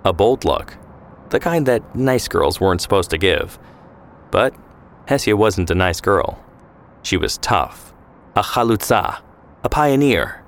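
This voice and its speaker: A man giving measured, scripted narration of a historical story. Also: fairly low pitch, lively intonation, a little hiss or hum. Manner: measured, descriptive.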